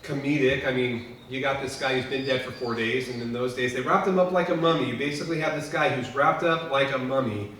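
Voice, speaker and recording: A man's voice: mid-range voice, brisk, hardly any pauses. Echoey, distant male preacher. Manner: earnest preaching, sweeping between loud peaks and hushed lines. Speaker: pastor. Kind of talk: memorial sermon. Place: lodge hall. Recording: echoey hall from far off, faint noise.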